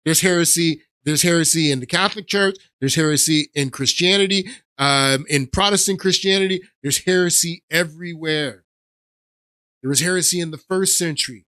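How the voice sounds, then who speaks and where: A man's voice: fairly high pitch, normal speed, pushed and bright, no room sound, clean studio sound. A man hosting his own podcast, giving emphatic, repetitive opinion commentary with many restarts. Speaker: podcast host.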